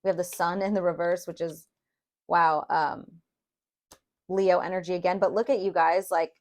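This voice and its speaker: A young woman giving a casual tarot reading to camera, chatty and loose, often calling viewers "you guys" and filling pauses with "um" and "like". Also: lowish voice, steady tone. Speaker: tarot reader.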